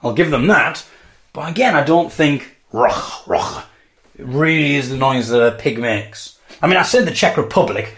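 A man hosts a podcast by himself, musing wryly and playfully and acting out mock debates for comic effect. His medium-pitched voice is expressive and a bit bright, at a moderate pace.

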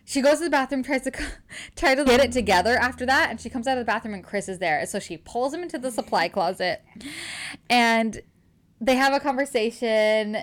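A young woman co-hosting a book podcast, recapping a romance novel in casual chat, animated and laughing often as she quotes the characters. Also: a little high, a little fast.

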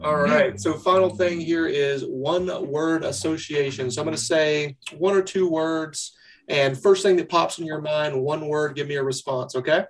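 A podcast co-host with a somewhat higher voice runs a relaxed interview at a moderate pace. He's playful, firing off light questions and word games at his guest.

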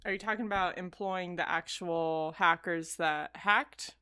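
A woman's voice: lowish voice, steady tone, measured pace, pushed and bright, smooth. A woman co-hosting a podcast, chatting casually and laughing often. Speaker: podcast co-host. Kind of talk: casual chat.

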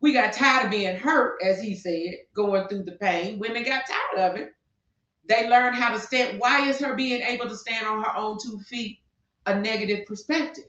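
A woman's voice: on the high side, normal speed, fairly bright tone. A woman co-hosting a talk show, passionately ranting and firing rhetorical questions, speaking. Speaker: podcast co-host. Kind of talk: heated opinion talk. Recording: distant, echoey, dull lo-fi sound.

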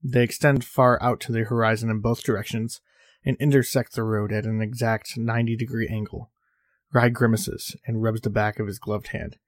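A man narrating a horror story for his podcast in a lowish voice, reading at a measured pace and tripping over a word now and then. The sound is dry and close, with no room in it. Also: flat delivery, dry recording. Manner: measured reading with small slips.

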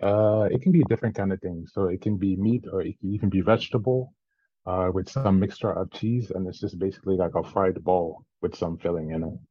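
Low-voiced man, slight French-tinged accent. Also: fairly quick, slightly rough, no room sound, lo-fi sound. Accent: slightly French-tinged mix. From Central Virginia, USA. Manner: laughs often, relaxed, swears casually. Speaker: podcast guest. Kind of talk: casual interview chat.

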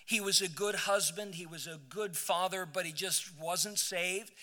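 Pastor, male, high bright voice, storytelling sermon with emphatic peaks, church hall reverb. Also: steady tone, unhurried. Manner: storytelling preacher, repeats words, builds to emphatic peaks. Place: church sanctuary.

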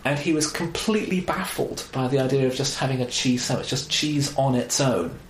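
A man chatting casually about films, animated and wry, with exasperated asides. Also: medium pitch, fairly quick. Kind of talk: casual film chat. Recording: roomy echo, faint background noise.

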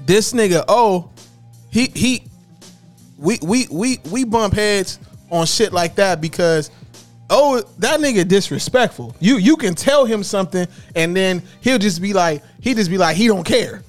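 A man's voice: sits high, lively intonation, unhurried, faint music behind. A man chatting casually with friends, telling stories animatedly with heavy slang and profanity. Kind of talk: casual chat among friends.

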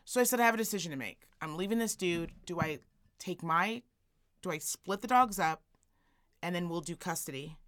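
In a lowish voice at a moderate pace, a female podcast co-host works through a long, casual story. She acts out the people's voices in an animated way.

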